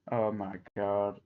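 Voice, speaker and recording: A man's voice: fairly low pitch, clean tone. A man hosting a live stream, rambling in casual chat, laughing often and swearing freely. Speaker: livestream host. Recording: dull lo-fi stream audio.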